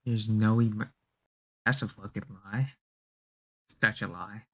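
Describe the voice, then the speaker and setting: A man's voice: fairly low pitch, fairly even intonation, slow, rough recording. A male VTuber reacting to a scary video, panicking and stammering as he mutters to himself. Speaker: VTuber streamer. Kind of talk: scared reaction commentary.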